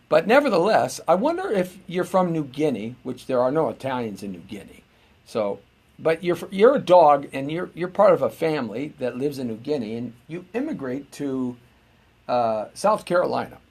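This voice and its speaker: A man's voice: medium pitch, very animated, normal speed, darkish tone. A middle-aged American man hosting a live-streamed show, rambling in a chatty, meandering way with lots of filler words and restarts. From United States. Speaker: host.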